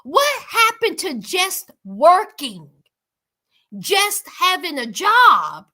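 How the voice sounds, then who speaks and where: A woman giving sassy, animated commentary on a reality show, talking straight to her viewers. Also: extremely high pitch, extremely slow. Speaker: reality TV recap host. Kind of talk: casual recap commentary to viewers.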